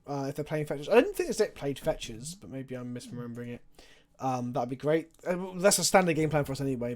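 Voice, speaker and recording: A man's voice: mid-range voice, a little mellow. A young man chatting casually on a live stream, talking through his card game plays and answering viewer questions.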